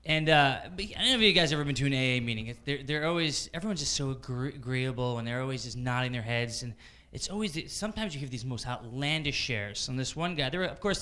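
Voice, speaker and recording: A man's voice: mid-range voice, sharp tone. A man doing a stand-up set at a small comedy club, telling stories in a chatty way with stammered restarts. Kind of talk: open-mic stand-up set.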